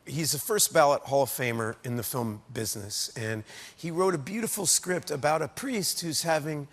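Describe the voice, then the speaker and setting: Chatty American man, slightly high voice. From United States. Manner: chatty, full of "you know" and "like", repeats words. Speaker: actor guest. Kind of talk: animated anecdote telling in an interview.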